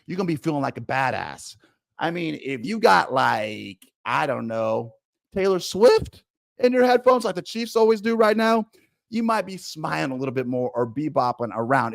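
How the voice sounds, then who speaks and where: A man delivering fired-up football commentary to camera in a fairly high-pitched voice. His takes are blunt and emphatic, and the dry, close sound carries no room at all. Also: creaky, no room sound. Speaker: sports commentator. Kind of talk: opinionated sports commentary to camera.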